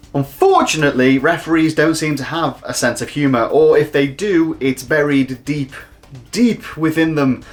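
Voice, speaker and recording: A man hosting a refereeing round-up show, talking casually with jokey, self-deprecating humour. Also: fairly high pitch. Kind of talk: casual comedic monologue.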